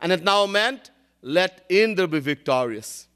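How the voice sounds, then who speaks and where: A man's voice: sits high, animated, measured pace, a bit bright, smooth. A man, a spiritual teacher giving a devotional discourse, telling stories, chanting Sanskrit verses and often laughing.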